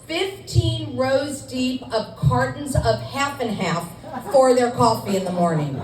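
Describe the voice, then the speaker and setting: A middle-aged woman comic does a chatty stand-up set on a club stage, a little high in pitch. She puts herself down with loose ums and restarts. The recording is roomy and taken from far off, with faint noise. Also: lively intonation, takes it slowly, a crowd in the background. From Scarsdale, New York. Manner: self-deprecating, chatty, with filler ums. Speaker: stand-up comedian. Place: comedy club stage with audience.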